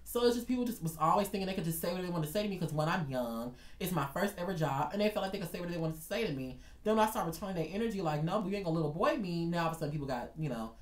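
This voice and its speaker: Animated man telling a storytime. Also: a little high, very fast, few pauses, roomy sound. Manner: animated, dramatic, talks straight to viewers. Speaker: vlogger. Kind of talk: storytime vlog.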